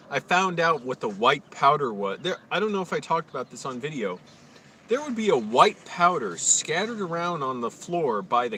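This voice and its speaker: A man's voice: medium pitch, fairly bright tone, distant mic. A young man rants on a live stream at home, rambling and swearing, and he slips into sarcastic mock voices now and then. He sits a little back from the mic. A faint hiss of background noise runs under his voice. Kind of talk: casual ranting monologue.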